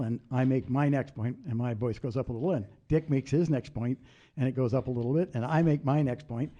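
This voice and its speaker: An older former congressman telling political stories in a casual interview, passionate and animated. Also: mid-range voice. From United States. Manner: animated storyteller, raises voice in retold quotes. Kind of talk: anecdotal storytelling.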